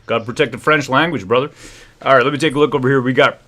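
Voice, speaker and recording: A man's voice: medium pitch, racing, fairly bright tone. A man from Quebec hosting a casual livestream chat, laughing often, telling a story in silly voices and reading chat comments aloud. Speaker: livestream host.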